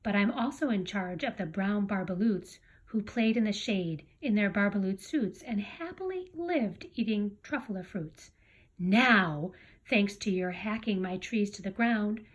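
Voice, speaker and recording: A woman's voice: medium pitch, a little slow, breathy edge. A woman reading a picture book aloud and voicing a small grumpy male creature who guards the trees, in a scolding, pleading manner. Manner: scolding, pleading storybook delivery.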